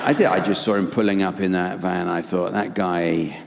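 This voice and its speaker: A man with an English accent doing live stand-up comedy in a deadpan, sardonic manner on a stage mic. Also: low-pitched, fast talker, gravelly. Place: theater stage. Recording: reverberant live venue, audience noise.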